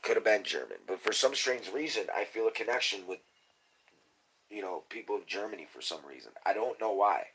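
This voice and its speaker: Man, lowish voice, rambling livestream talk, profane, conspiratorial, trails off into mumbles. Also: lively intonation, a little fast, noisy background. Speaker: livestream host.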